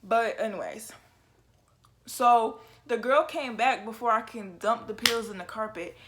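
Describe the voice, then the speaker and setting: A young woman telling a story from her own life in a casual, animated and profane way. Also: on the high side, a little slow, slight background noise. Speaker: storytelling vlogger.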